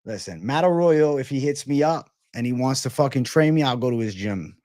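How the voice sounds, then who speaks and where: A man's voice: mid-range voice, lively intonation, fairly quick, darkish tone. A man hosting a fight-sports livestream, talking to chat in a loose, slangy, swear-heavy way. His energy runs hyped and jokey. The sound is dry and close, with almost no room echo. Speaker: MMA livestream host.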